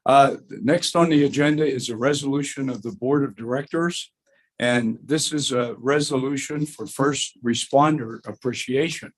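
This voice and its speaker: A hoarse man chairs a school board meeting. He speaks plainly, clears his throat now and then, and reads a formal resolution at a measured pace. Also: medium pitch.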